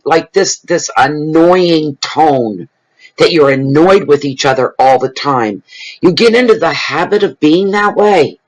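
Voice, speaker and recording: A middle-aged man with a slightly high-pitched voice delivers a tarot reading straight to his viewers. He talks in a loose, conversational flow full of fillers and gets blunt and frank when he gives advice. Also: expressive, unhurried, poor audio. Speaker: tarot reader. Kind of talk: general tarot reading to camera.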